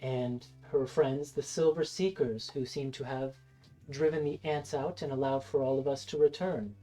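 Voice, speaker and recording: A game master voicing a brisk woman council leader with a husky, breathy voice, in a tabletop game. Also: mid-range voice, fairly even intonation, mellow, faint music behind, close to an everyday voice. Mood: formal.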